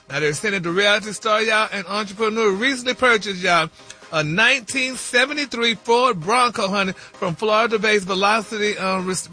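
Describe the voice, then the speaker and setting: High, bright man dishing celebrity gossip with sass, radio show, faint music under. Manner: sassy, sprinkles "honey" and "y'all". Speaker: celebrity news host.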